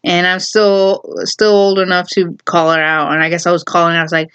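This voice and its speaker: A woman's voice: fairly low pitch, level tone, a little fast, few pauses, fairly bright tone, clear, resonant tone. A woman telling a personal story in casual chat, rambling with lots of fillers and frequent laughs.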